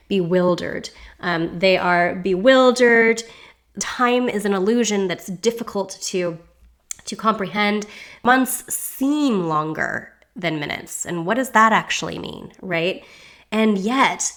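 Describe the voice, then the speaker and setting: A woman's voice: medium pitch, a bit bright. Musing woman astrology host. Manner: musing, circling back, frequent "right?". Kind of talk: reflective podcast monologue.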